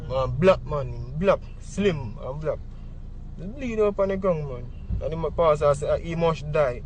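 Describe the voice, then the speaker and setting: A man's voice: on the high side, expressive, unhurried, darkish tone, a little hiss or hum. A man with a Jamaican accent giving a vivid eyewitness account in patois, acting out what others said. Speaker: witness.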